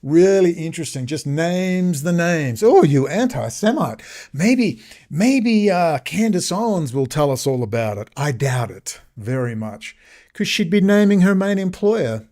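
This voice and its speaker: A man's voice: a little high, expressive, unhurried, darkish tone. A man ranting sarcastically in a rambling video commentary.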